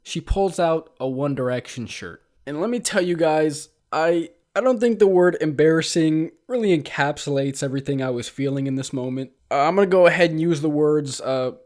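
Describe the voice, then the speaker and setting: A man's voice: on the high side, moderate pace, hardly any pauses, a little mellow. A young man and vlogger telling a comic story about his past in a casual, self-mocking way, with frequent ums and uhs. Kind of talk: comedic storytime narration.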